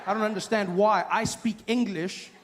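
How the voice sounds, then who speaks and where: Lively man doing stand-up. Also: high voice, moderate pace, in a large hall. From South Africa. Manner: animated, acts out voices with sudden shouts and laughs. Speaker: stand-up comedian. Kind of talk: stand-up comedy routine. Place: live comedy venue with audience.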